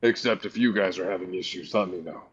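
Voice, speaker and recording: A man voicing a gruff, dismissive male ship doctor with a low, curt voice, heard over muffled stream audio with chatter behind. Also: quick pace, natural voice.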